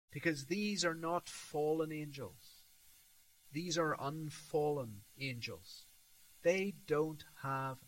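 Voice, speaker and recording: A man preaches a sermon slowly and emphatically, swelling on repeated words and going soft at the end of each point. His voice is fairly high, and the audio is poor.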